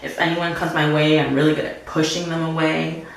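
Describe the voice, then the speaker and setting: A woman's voice: low voice, flat delivery, brisk, vocal fry. A young woman vlogger telling a breakup story while doing her makeup, chatty and full of "like". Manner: chatty, fillers "like" everywhere. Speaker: beauty vlogger. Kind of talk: casual get-ready-with-me storytime. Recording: very echoey room with faint noise.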